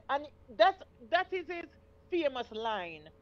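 High-voiced Jamaican woman in her fifties. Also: big pitch swings, measured pace, muffled recording. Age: 50s. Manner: emphatic, repeats "you understand?". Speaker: caller telling her story. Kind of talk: casual storytelling.

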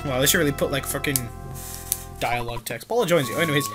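A man's voice: mid-range voice, fast, low-quality recording. A man giving casual let's play commentary, joking, swearing and reading the game's text aloud. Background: game music.

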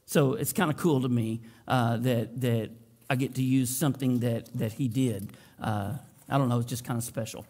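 A man's voice: medium pitch, steady tone, normal speed, a little mellow. A man preaching a sermon as pastor, opening with a prayer and tossing folksy jokes to the congregation in a church sanctuary. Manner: folksy, joking asides to the congregation.

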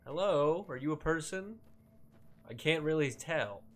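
A man's voice: fairly high pitch, expressive, measured pace, fairly bright tone. Joking young man narrating his gameplay. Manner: joking, reactive, talks to the game characters. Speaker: streamer. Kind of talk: let's-play commentary.

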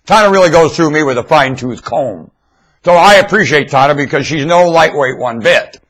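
A man's voice: on the high side, animated, fairly quick, fairly bright tone. A man rambling in a loose monologue to his webcam, stammering and repeating himself. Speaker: webcam vlogger. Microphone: webcam mic.

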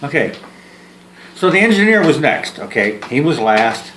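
Filming one side of a phone call, a man speaks at a moderate pace in a medium-pitched, sing-song voice with a fairly bright tone. He's jokey, rambling, and self-deprecating, restarting and repeating words. A little hiss or hum sits in the roomy, faintly ambient recording.

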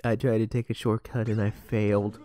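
A man's voice: fairly low pitch, level tone, normal speed, mellow, faint music behind. A young man giving casual, rambling gameplay commentary as a let's play host, sidetracked and self-deprecating.

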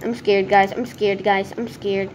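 A woman commenting on her own gameplay as she plays, talking to herself in an excitable, nervous way. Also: mid-range voice, measured pace, a little hiss or hum. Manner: excitable, nervous self-talk. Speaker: gaming video creator.

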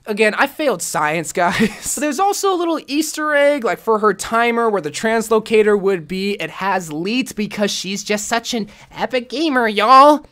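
A young woman talks through video game picks in a casual, jokey way, teasing herself as she goes. Her fairly high voice swoops up and down with plenty of life. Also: normal speed, hardly any pauses. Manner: excitable and jokey, with self-mocking asides. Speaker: gaming YouTuber.

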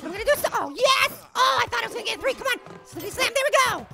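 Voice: extremely high pitch, creaky, very noisy, exaggerated voice. A voice actor playing a tiny, cheeky cartoon apple who plays a basketball video game and trash-talks the opponents. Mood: excited trash talk. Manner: trash-talking, excitable, quick banter at the game. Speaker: gaming channel host. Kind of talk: cartoon character game commentary.

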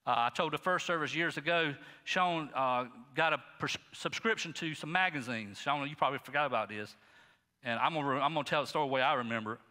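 A middle-aged male pastor preaching a sermon in a folksy, animated way, talking straight to the congregation. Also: on the high side, fast, big-room sound. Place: church sanctuary.

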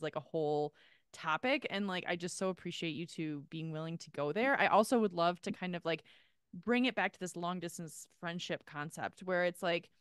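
A woman's voice: fairly low pitch, smooth, dry recording, studio quality. A woman hosting a podcast, chatting casually and rambling with lots of filler words. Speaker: podcast host. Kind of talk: casual chat.

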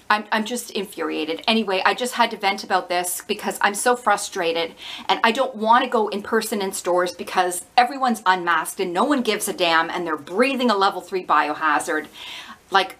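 A woman's voice: mid-range voice, a bit bright. A woman vlogger ranting to camera, exasperated and indignant, her talk full of "like.".

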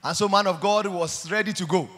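High-voiced preacher in a reverberant hall. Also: male voice, fairly quick. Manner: animated, storytelling with acted quotes. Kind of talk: sermon.

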